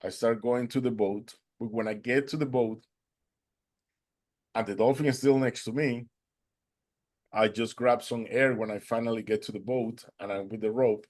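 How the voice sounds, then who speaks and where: Guest storyteller: man, Spanish native speaker, earnest, mid-pitched, non-native English phrasing. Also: fairly even intonation, normal speed, long pauses, darkish tone. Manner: acts out quoted dialogue in a raised voice. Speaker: interview guest.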